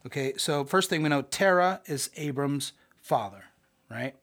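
In a recorded study session, a Bible teacher speaks with medium pitch at an unhurried pace. The delivery is animated and folksy, full of folksy slang and acted-out scripture characters, with frequent "right?" check-ins with listeners.

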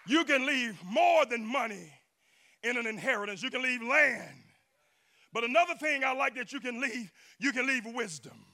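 A male pastor preaching a sermon in a church, shouting and chanting with call-and-response to the congregation. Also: very high-pitched, lively intonation, moderate pace. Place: church sanctuary.

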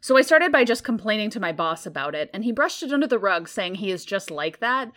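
A woman's voice: mid-range voice, big pitch swings, a little fast, a bit bright. A woman co-hosting a podcast, reading a forum post aloud with wry amusement. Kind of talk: reading aloud with casual chat.

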